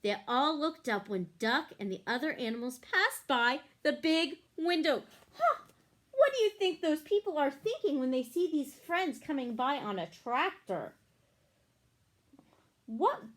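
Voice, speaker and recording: A woman reading a picture book aloud to children, pausing to ask them questions. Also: high-pitched. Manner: animated, asks the listeners questions.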